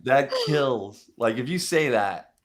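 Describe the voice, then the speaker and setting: A man chatting casually on a podcast about cold calls, animated, laughing often and acting out phone calls in quoted voices. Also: mid-range voice, slow. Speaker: sales development rep.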